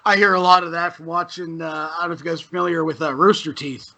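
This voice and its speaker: High bright man, rambling. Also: steady tone, fast, gravelly. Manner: rambling, swears freely, tipsy from beers. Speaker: podcast guest. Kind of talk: casual chat.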